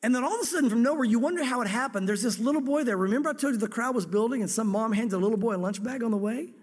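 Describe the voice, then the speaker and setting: High-voiced male pastor, echoing hall. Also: racing. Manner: lively storytelling, dramatizing scripture dialogue. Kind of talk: sermon.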